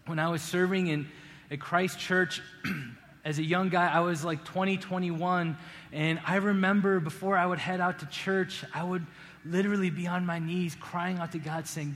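A man preaching a sermon as pastor, earnest, rising to emphatic peaks and dropping to hushed appeals. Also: high-pitched, steady tone, a little slow. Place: church sanctuary. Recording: long hall reverb, faint room ambience.

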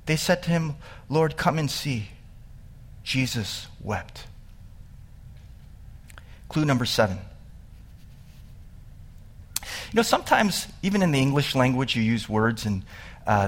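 A man preaching a sermon, telling the story with animation and getting louder and higher as he builds, then dropping quiet for sad parts. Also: expressive, moderate pace, long pauses. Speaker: pastor.

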